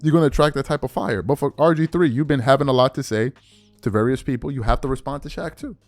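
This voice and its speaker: A man's voice: medium pitch, fast talker, dry recording, soft background music. A man hosting a sports commentary channel, delivering an emphatic, repetitive opinion rant straight at his viewers.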